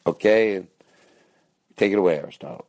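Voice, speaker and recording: A man's voice: fairly low pitch, normal speed, darkish tone. A man hosting a podcast, giving a silly, rambling intro spoken into his phone. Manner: playful, silly, rambling asides. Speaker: podcast host. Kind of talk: casual comic intro. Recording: phone-recorded, dry.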